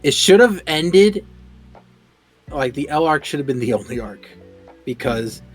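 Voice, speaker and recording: A man co-hosting a casual podcast chat, animated and quick to laugh, often repeating words when he gets excited. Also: on the high side, breathy edge, faint music behind. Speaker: podcast co-host.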